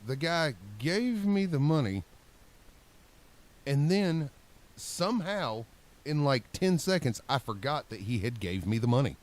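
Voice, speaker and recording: A man swaps stories with friends on a podcast, winding through a long tale and voicing the people in it. His pitch rises and falls freely as he talks. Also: a little slow. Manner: rambling, animated storyteller acting out quotes. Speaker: podcast co-host. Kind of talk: casual storytelling chat.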